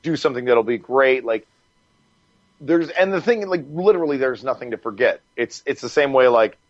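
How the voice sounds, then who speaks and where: Animated, swearing man telling a story. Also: mid-range voice, normal speed, dry recording, highs cut off. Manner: animated, swears freely, laughs while telling stories. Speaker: podcast guest. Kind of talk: casual storytelling.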